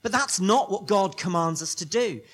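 Husky preacher, emphatic. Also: male voice, sits high, normal speed, fairly bright tone. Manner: emphatic, building rhetorical repetition. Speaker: pastor. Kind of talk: sermon.

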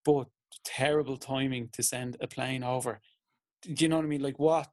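A man's voice: medium pitch, steady tone, moderate pace, no room sound. An Irish man, a teacher and TV presenter, chatting on a podcast and acting out conversations as he tells stories. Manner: chatty storyteller, acts out exchanges. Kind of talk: casual chat.

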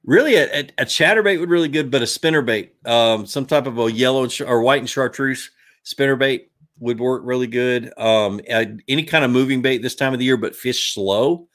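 A man hosting a casual live stream, reading out viewer questions and answering them in a relaxed, rambling way with lots of ums and restarts. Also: mid-range voice, a little fast. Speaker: livestream host answering viewer fishing questions.

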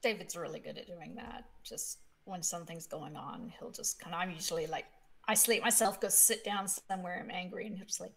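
A woman in a casual panel chat, speaking softly and warmly about her partner. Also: fairly low pitch, steady tone, fairly quick.

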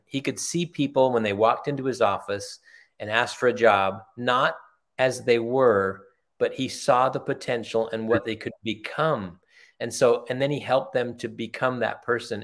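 Speaking at a moderate pace in a mid-range voice, a retired executive, an older man, shares earnest, heartfelt stories as a podcast guest. His storytelling is conversational, and he often repeats phrases to stress them.

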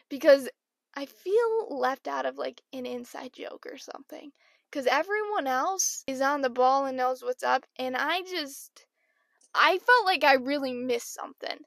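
A woman's voice: high voice, lively intonation, normal speed, gravelly, a bit bright, dry recording. A young woman hosting a podcast, telling stories in a chatty, self-deprecating way with lots of "like". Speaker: podcast host. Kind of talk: casual storytelling.

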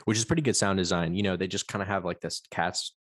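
A man with a very low, deep voice talks through a film in loose, rambling podcast chat. He swears freely and acts out lines from scenes as he goes. The sound is dry and close to the mic. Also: steady tone, fast talker, fairly bright tone, no echo. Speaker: podcast co-host. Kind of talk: casual film discussion.

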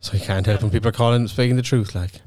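Deadpan, sweary Cork man. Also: fairly low pitch, rapid-fire, no room sound. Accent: Cork north side. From north side of Cork. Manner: dry, sweary, deadpan wit. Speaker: podcast co-host. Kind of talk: casual chat.

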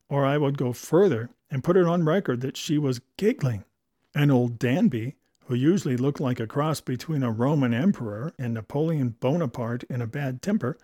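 A man's voice: mid-range voice, dark tone, no room sound. A man narrating a comic novel in the first person, dry and wry.

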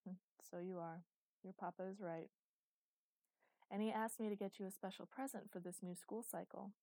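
A woman reading an audiobook, voicing a doting older female teacher with a velvety, smooth voice who gushes with affection. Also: medium pitch, steady tone, normal speed, warm tone, no room sound, lightly acted. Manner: gushing, affectionate.

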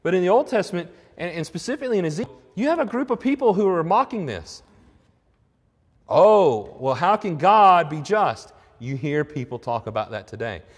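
A pastor preaches a sermon in an earnest, conversational way, swelling emphatically on key points. His voice is fairly high, trailed by a long reverb.

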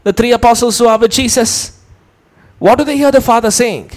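A man's voice: very high voice, brisk. A man preaching a teaching sermon, explaining step by step and putting questions to his listeners.

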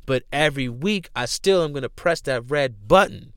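Young male podcast host, smooth voice, slangy, profane, repetitive motivational rant. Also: medium pitch, animated, normal speed, fairly bright tone, no room sound, studio quality. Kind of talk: casual motivational talk.

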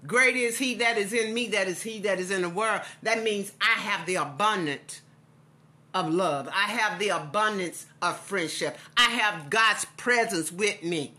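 Slow-preaching bright-voiced woman. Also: mid-range voice. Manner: impassioned, repetitive preaching cadence. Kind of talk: devotional sermon.

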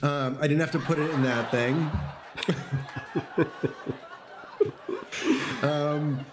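A man's voice: on the high side, fairly even intonation, very slow, noisy background. Hesitant man musing over a snack. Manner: hesitant, many ums, self-deprecating laughs. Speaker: co-host food reviewer. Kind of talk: casual food review chat.

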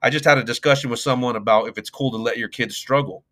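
A man's voice: mid-range voice, steady tone, fast talker, pushed and bright. A man in his forties, a youth coach and mentor, speaking as a guest in a casual podcast interview with a reflective, advice-giving manner and plenty of fillers.

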